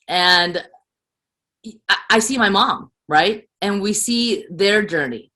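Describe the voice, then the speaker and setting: A young woman from the United States chats over a video call with a bright, forward voice. She talks in an animated, emphatic way, rambling and piling on fillers as she goes. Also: medium pitch, takes it slowly. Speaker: actress guest. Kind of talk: casual video call conversation.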